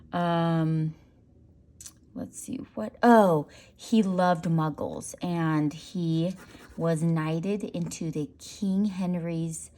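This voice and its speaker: A woman's voice: deep voice, warm tone. A woman leading a casual drawing tutorial, chatty and playful, making silly sound effects as she draws. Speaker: art teacher.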